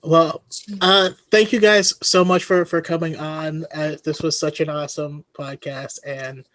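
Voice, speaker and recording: A man hosting a casual podcast chat, friendly and halting, often restarting his sentences. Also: on the high side, fairly even intonation, a bit bright, dry recording. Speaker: podcast host.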